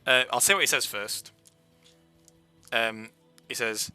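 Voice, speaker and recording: Man running a tabletop game, bright voice. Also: mid-range voice, slow, long pauses, clear, resonant tone, soft background music. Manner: hesitant, filler-heavy narration. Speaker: game master.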